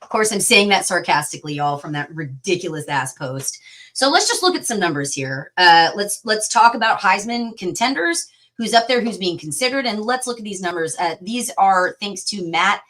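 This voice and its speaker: A woman's voice: medium pitch, very animated, normal speed, fairly bright tone. A woman co-hosting a casual sports podcast, talking emphatically with sarcastic asides. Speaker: podcast co-host.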